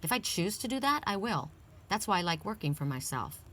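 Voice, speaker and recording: A woman's voice: medium pitch, sing-song, a little fast, a bit bright. A woman giving a casual, upbeat oracle card reading, chatting freely and reciting affirmations with emphasis.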